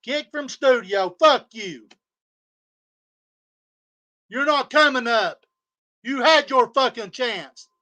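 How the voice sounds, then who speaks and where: A man with a very high, sharp voice rants on a livestream. He swears constantly and circles back to the same insults in a heated stream of talk. The tone is cutting and tense. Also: lively intonation, takes it slowly, long pauses. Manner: profane, heated, repetitive insults. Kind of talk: angry livestream rant. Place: home studio.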